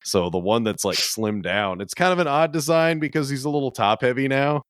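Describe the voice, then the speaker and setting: A man in casual podcast chat about a movie, relaxed and a little hesitant, with many fillers. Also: medium pitch, a little fast, dry recording, clean studio sound.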